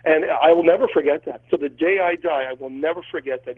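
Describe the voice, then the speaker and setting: A husky-voiced male priest speaks earnestly and emotionally, restarting his sentences as he goes. His voice sits a little high and comes through a thin, phone-like line. It sounds like a call-in interview. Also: fast talker. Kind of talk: telling a personal story in an interview.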